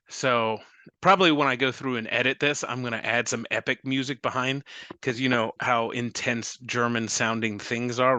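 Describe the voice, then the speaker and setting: A man's voice: mid-range voice, bright, forceful tone. A man hosting a casual spoken lesson, explaining pronunciation in a friendly way with occasional fillers. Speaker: host teaching a prayer.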